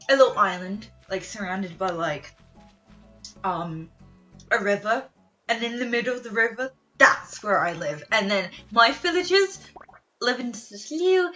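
A young woman streamer rambling in casual chat, excitable, with lots of fillers and laughs. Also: mid-range voice. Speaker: gaming streamer.

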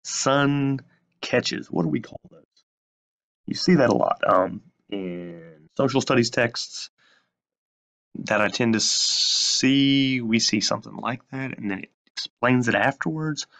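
A male teacher giving a recorded lesson, who asks questions and then answers them himself with slow emphasis. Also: medium pitch, vocal fry, fairly bright tone.

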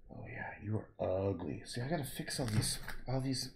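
A man's voice: on the low side, animated, normal speed, vocal fry, background noise. A man painting on a livestream, muttering to himself and scolding his own work as he goes. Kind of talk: livestream commentary while painting.

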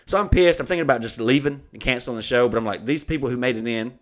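Brief: male comedian host, mid pitch, heated and profane anecdote delivery. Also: racing, fairly bright tone. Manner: heated, swearing, acts out quoted people.

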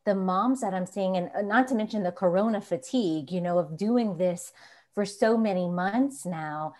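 A woman therapist on a talk show, calm and measured as she explains. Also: medium pitch. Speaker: guest therapist. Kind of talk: conversational expert talk.

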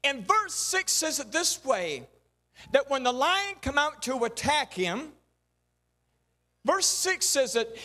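A man's voice: very high voice, very animated, slow pace, pauses often, bright, forceful tone. A male pastor, preaching a folksy sermon with rhythmic repeated refrains.

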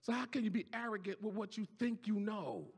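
A pastor preaching a sermon in a church, shouting and half-singing his peaks, then dropping low for quiet asides. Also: animated, fairly quick, husky. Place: church sanctuary. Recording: church hall reverb with faint organ music.

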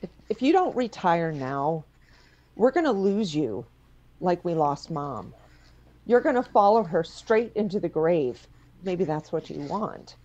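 A woman's voice: on the low side, very animated, a little slow, dark tone, dull audio. A woman playing a blunt, pleading adult daughter confronting her father in a stage play. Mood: angry.

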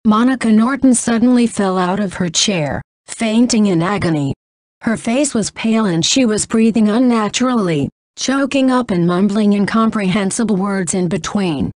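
A woman narrating a novel in a flat reading that says punctuation aloud. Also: mid-range voice, moderate pace, dry recording, clean studio sound.

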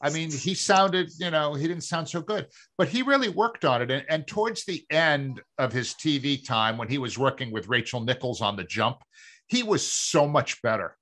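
Measured bright-voiced man on sports talk. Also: expressive. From Massachusetts. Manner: measured, explaining, lower when reflective. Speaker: producer and co-host.

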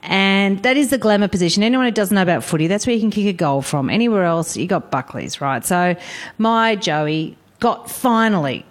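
An Australian woman in middle age chats as a guest and tells funny stories with wry timing. She laughs easily, puts on other people's voices, and keeps the talk loose and animated. Her pitch sits in the ordinary middle range for a woman. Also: fairly quick. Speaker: talk show guest, junior football assistant coach. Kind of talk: casual chat, comic anecdotes.

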